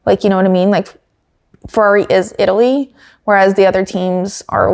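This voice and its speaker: A woman's voice: mid-range voice, little pitch movement, fairly quick, creaky, a little mellow. A woman hosting a casual motorsport podcast, chatting with many fillers, giggles and dry asides. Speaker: podcast host. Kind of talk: casual chat recapping motorsport news.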